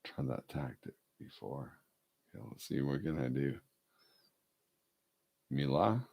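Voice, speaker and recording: Low, slow, gravelly-voiced man rambling. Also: warm tone. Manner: rambling, talks to his dog in a coaxing voice. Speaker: vlogger. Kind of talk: casual talk to camera.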